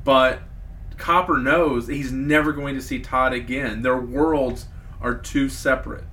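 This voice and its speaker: A man's voice: medium pitch, steady tone, a little slow, pushed and bright, a little hiss or hum. A man in his late thirties hosting a podcast in casual chat, rambling and joking about getting choked up. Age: 30s. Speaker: podcast host.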